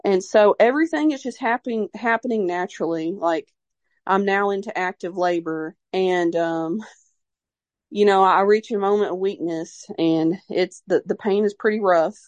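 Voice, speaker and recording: A woman's voice: medium pitch, moderate pace, a little mellow, no echo, highs cut off. A young woman telling a personal story in a casual, rambling way, full of "like" and fillers, emotional and devout in tone. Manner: rambling, heavy use of "like" and fillers; openly emotional and religious in tone. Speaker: mother sharing her birth story.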